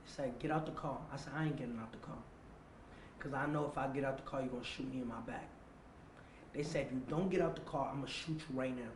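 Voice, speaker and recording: A man's voice: mid-range voice, fast. A man, telling a tense personal story in an interview, acting out quotes and swearing freely. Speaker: interview guest. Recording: echoey room with faint ambient noise.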